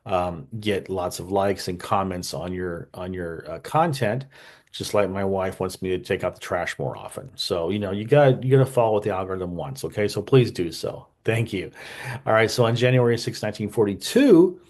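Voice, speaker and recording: A man with a fairly low voice hosts a history show in loose, unscripted talk. He rambles with plenty of fillers and tosses in wry jokes along the way. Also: lively intonation, moderate pace, a little mellow. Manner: rambling, conversational, many fillers and asides; wry joking asides. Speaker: history channel host.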